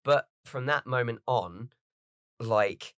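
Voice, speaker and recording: A man hosting a casual podcast, talking with animated fan enthusiasm and frequent swearing. His voice sits mid-range, recorded dry and close. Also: mid-range voice, slow, clean tone, dry recording. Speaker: podcast host. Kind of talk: casual chat.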